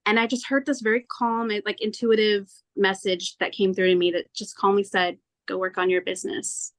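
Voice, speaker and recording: A woman being interviewed as a tarot reader, telling her story in an earnest, animated way and acting out her own past thoughts. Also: mid-range voice, brisk, hardly any pauses. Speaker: tarot reader, podcast guest.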